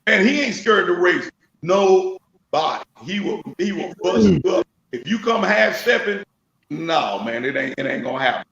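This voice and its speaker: Man, guest racer, gravelly and high, lively storyteller, lo-fi echoey call audio. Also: moderate pace, crowd noise. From Memphis, Tennessee. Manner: animated storyteller, laughs often. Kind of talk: casual chat.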